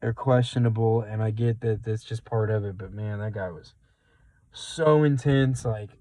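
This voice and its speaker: A man's voice: on the low side, steady tone, moderate pace, dark tone, dry recording, low-quality recording. A man who drives rideshare, telling a rambling story in a casual vlog, full of fillers and quoted lines, speaking into a phone in his car. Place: in a car at a gas station.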